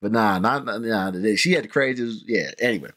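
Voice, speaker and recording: A man's voice: lowish voice, fairly quick. Rambling man chatting about a movie. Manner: rambling, frequent restarts and fillers, animated when excited. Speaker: podcast host reviewing a movie. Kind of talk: casual movie review chat.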